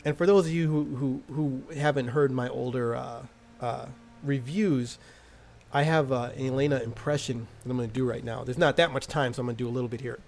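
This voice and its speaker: A man's voice: medium pitch, steady tone, brisk, vocal fry, a little mellow. A man casually recapping a TV episode in a slangy, crude, jokey way. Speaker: TV episode reviewer.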